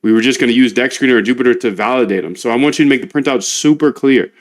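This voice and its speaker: A man's voice: medium pitch, racing. A man casually talking through live coding, chatty and slangy, coaching his coding assistant as he goes. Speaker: trading bot developer and streamer.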